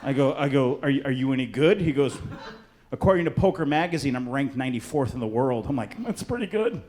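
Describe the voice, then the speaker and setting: A man's voice: medium pitch, fast, darkish tone. A man from Chicago performing a stand-up comedy set on a club stage, brash and punchy, working the crowd. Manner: crowd work, brash punchy delivery with swearing. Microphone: handheld stage mic.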